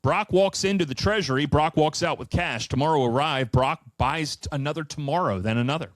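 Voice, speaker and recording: A man's voice: fairly high pitch, a little fast, dry recording. Guy ranting about finance, sarcastic and swears a lot, dry close sound. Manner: emphatic, sardonic, profane asides. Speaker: finance commentator. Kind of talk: animated solo presentation.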